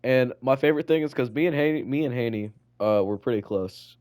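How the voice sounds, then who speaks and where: A man's voice: mid-range voice, brisk, a little mellow, clear, resonant tone. Rambling teenage boy telling school stories. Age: teens. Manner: rambling storytelling, full of "like" and swearing. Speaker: student podcast co-host. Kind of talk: casual chat.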